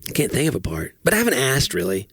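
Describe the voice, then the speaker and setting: A man's voice: mid-range voice, wildly swooping pitch, a bit bright, breathy edge, no echo. Easygoing male podcast co-host, dry sound. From American South. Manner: easygoing, chatty, quick to joke. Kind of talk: casual podcast chat.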